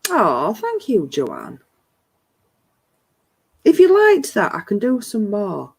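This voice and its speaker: A woman's voice: mid-range voice, wildly swooping pitch, takes it slowly, gravelly, breathy edge. A woman hosting a casual chat, teasing and swearing freely. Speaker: host.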